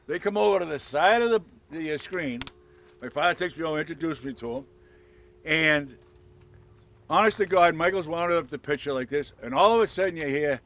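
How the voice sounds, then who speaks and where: A man telling animated stories at an outdoor dedication, loudly acting out the voices of the people he quotes. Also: on the high side, normal speed, no echo. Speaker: speaker at a dedication. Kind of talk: storytelling speech. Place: outdoor ballfield ceremony.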